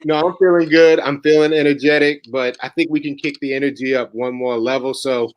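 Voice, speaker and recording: A man hosting an online tribute event, introducing speakers in a measured, slow, emphatic way over a video call. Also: mid-range voice, steady tone, smooth, low-quality recording. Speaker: program host.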